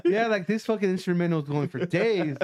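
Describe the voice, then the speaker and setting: Dude with a high voice telling a wild road trip story, cussing every other word, keeps cracking up. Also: male voice, brisk. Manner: profane, animated, laughs while telling. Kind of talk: casual storytelling among friends.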